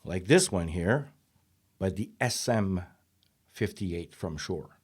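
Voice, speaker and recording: A man's voice: sits low, animated, slow, husky. A man in his fifties who plays drums, chatting casually from his home studio while demonstrating vocal microphones, thinking aloud and correcting himself as he goes. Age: 50s. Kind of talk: casual gear demo talk to camera. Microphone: studio vocal microphone close up.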